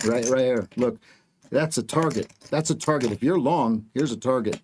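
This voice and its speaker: A man coaching viewers through live trading on a stream, excitable, repeating words and joking with the chat. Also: mid-range voice, moderate pace, slight background noise.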